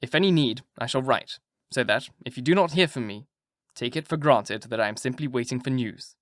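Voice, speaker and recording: A man hosting and narrating an audiobook, with a relaxed, joking intro and then a steady, clear reading. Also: mid-range voice, brisk, dry recording, clean studio sound. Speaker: audiobook narrator and channel host.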